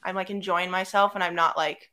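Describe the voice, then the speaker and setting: A woman's voice: lowish voice, brisk. A young woman co-hosting a podcast, chatting casually and acting out the lines of others as she tells her stories. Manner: animated storytelling, acting out quotes. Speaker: podcast co-host. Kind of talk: casual chat.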